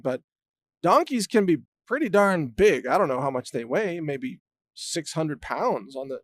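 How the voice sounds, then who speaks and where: A man's voice: a little high, dry recording, studio quality. A middle-aged man casually telling rambling animal anecdotes as host, chuckling often and restarting his sentences. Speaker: show host.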